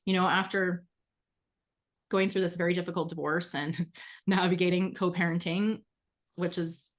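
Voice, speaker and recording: A woman's voice: on the low side, flat delivery, normal speed. Woman guest on an interview, super candid, laughs a lot, swears casually. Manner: frank, swears freely, laughs often while talking.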